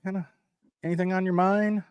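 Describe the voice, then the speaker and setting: A man's voice: high-pitched, level tone, a little fast, clean tone, no echo, highs cut off. Casual man, dry close sound. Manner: rambling, setting up bits. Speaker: podcast host. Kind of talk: casual chat.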